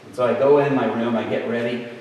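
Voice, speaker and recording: A man preaching in a church, telling a humorous personal story in an animated way and shouting re-enacted lines. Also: medium pitch, fast talker, slight background noise. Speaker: guest preacher. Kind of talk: sermon storytelling. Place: church sanctuary. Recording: echoey church hall, distant mic.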